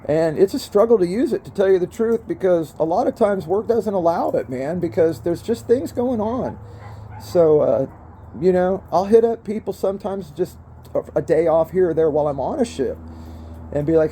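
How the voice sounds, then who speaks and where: A man's voice: sits high, animated, moderate pace, dark tone, a little hiss or hum. A middle-aged man vlogging casually outdoors in the sun, rambling in a laid-back way, addressing viewers as bro and man, coughing between puffs. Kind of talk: casual smoking vlog.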